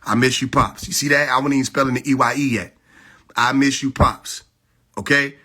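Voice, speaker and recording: A man's voice: mid-range voice, steady tone, normal speed, sharp tone. A man hosting a live stream, preaching casually and emphatically, repeating his points and asking rhetorical questions into a phone mic.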